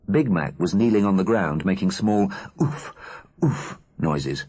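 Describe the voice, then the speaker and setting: A man reading an audiobook aloud in an expressive, animated narrating style. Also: sits low, measured pace, husky. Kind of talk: scripted narration.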